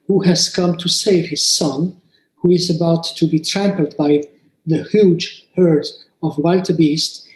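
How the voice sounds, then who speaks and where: A man reading a prepared clinical case presentation at a conference, slow and measured, lifting his voice for quoted play dialogue. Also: darkish tone, roomy sound, low-quality recording. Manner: slow and measured, raises pitch for quoted child-play lines.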